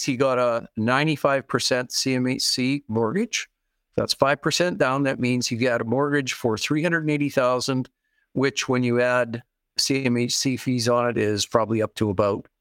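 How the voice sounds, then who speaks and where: A man's voice: mid-range voice, a bit bright, dry recording, clean studio sound. A man guest explaining investing strategies in an interview, repeating key phrases and acting out the people in his examples. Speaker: real estate investing guest expert.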